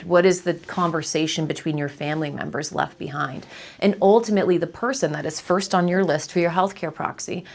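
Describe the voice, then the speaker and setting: A woman estate planning lawyer giving a community seminar talk, in a conversational storytelling manner. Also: lowish voice.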